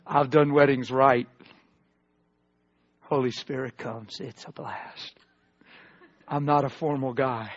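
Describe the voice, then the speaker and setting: A man preaching a personal testimony sermon, emotional, swinging between loud outbursts and hushed tones. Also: medium pitch, fairly even intonation, takes it slowly, pauses often, muffled recording, slight background noise.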